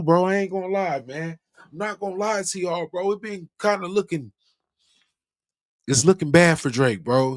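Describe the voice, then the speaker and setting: A man hosting a casual livestream, talking in loose slang, swearing freely and laughing often. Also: fairly high pitch. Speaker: livestream host.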